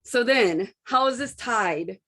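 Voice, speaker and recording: Speaking slowly in a fairly high voice, this middle-aged woman coaches her audience with frank self-help advice. Her talk is built on personal anecdotes, and she brings other people's words to life with lively impressions.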